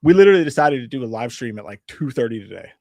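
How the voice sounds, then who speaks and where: A man's voice: medium pitch, lively intonation, rapid-fire, dark tone, dry recording. A man in his forties hosting a live stream, telling a rambling story with crude jokes in casual chat. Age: 40s. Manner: rambling and jokey, with crude humor.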